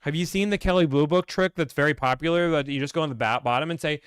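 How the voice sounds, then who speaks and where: A man hosting a casual Q&A stream, blunt and ranting, acting out salesmen in quick put-on voices. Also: fairly high pitch, clean tone, dry recording, studio quality. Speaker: host answering viewer questions. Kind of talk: casual livestream Q&A.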